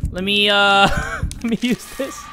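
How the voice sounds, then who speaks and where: A man commentating his horror game playthrough, joking around and shouting at jump scares. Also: high-pitched, slow pace, noisy background. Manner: excitable, jokey, screams at jump scares. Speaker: gaming YouTuber. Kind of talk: let's play commentary.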